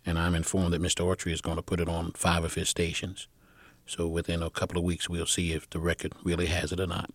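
A man's voice: low voice, quick pace, slightly rough, no echo. A man telling a long anecdote in an interview, rambling with fillers and acting out the people in his story. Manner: animated storyteller who acts out the people in his stories. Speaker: interviewee recounting his music career.

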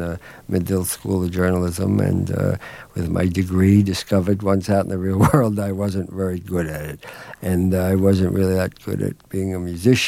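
Brief: middle-aged man, dark gravelly voice, rambling self-deprecating storyteller, dry studio sound. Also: low-pitched, no echo. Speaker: film director guest. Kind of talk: relaxed anecdotal interview talk.

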